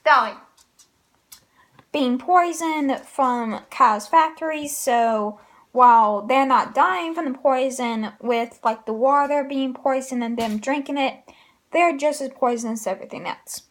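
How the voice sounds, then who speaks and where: A woman casually recapping comic chapters, pausing often with fillers. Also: high-pitched. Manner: hesitant, frequent filler pauses. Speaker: manga reviewer.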